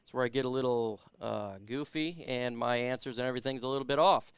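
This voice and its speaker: A man's voice: medium pitch, steady tone, a little fast, smooth, no echo, studio quality. A man hosting a casual sports live stream who hypes the chat and reads out viewer comments. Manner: hypes chat, reads super chats aloud.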